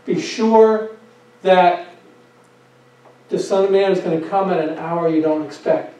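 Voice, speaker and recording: A man's voice: on the high side, fairly even intonation, brisk, mellow. A male pastor preaching a sermon with emphasis, asking rhetorical questions and repeating his phrases. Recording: echoey, dull sound from a distant mic.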